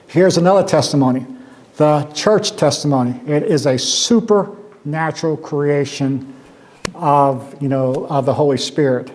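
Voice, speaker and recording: A man's voice: a little high, unhurried, a little mellow. A man teaching a Sunday school class, talking conversationally, asking rhetorical questions and quoting scripture with emphasis.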